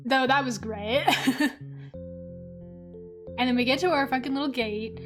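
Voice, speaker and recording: Woman streamer, high voice, swears freely, laughs through her story, faint music behind. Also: a little slow. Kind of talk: casual storytelling while drawing on stream.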